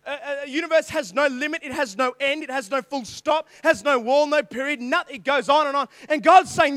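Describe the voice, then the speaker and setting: High-pitched guy preaching to youth, rambles off topic, gets loud on the bible bits, dry close sound. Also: brisk, few pauses, no echo. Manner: digressive, with sudden loud bursts when reading scripture. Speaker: youth pastor. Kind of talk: sermon.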